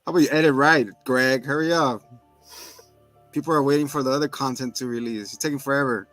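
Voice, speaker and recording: A man casually recapping a TV episode, acting out characters in sudden high voices, laughing and swearing often. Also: fast, dry recording, soft background music. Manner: animated, acts out characters in bursts of high voices. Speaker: podcast co-host recapping a TV episode. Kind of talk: casual chat.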